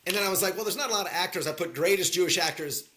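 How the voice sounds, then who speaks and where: A man co-hosting a casual podcast chat, talking in animated bursts and repeating lines for emphasis. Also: high voice, very fast. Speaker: podcast co-host.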